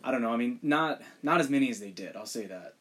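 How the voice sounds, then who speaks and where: A man joins as a guest in a casual chat. He speaks quickly but hesitantly and often restarts his sentences. His pitch is mid-range. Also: lively intonation, fairly bright tone.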